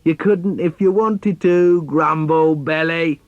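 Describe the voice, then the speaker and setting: Man voicing a teasing little boy, sing-song taunts, higher voice, dry close sound. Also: slow, no room sound, highs cut off.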